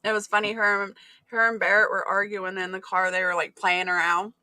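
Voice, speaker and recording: A woman's voice: mid-range voice, little pitch movement, brisk, sharp tone, no echo. A woman hosting a livestream, chatting casually and playfully about her pranks. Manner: playful, joking. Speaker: livestream host.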